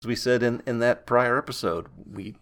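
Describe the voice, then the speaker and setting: A man co-hosting a podcast, calmly adding facts and affirming his co-host in casual chat. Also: mid-range voice, fairly quick. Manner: calm, adds facts and short affirmations. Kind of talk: casual chat recapping a convention.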